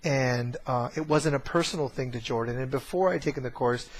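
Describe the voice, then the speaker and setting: A man's voice: mid-range voice, fairly quick. A man casually telling a family story to camera, rambling with many fillers and restarts. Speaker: course trainer.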